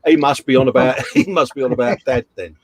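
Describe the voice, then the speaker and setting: A man's voice: medium pitch, fairly quick, crowd noise. A man hosting a casual livestream, chatting and reading out comments in a jokey, rambling way. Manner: chatty, jokey, lots of "uh" and "mate". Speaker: livestream host.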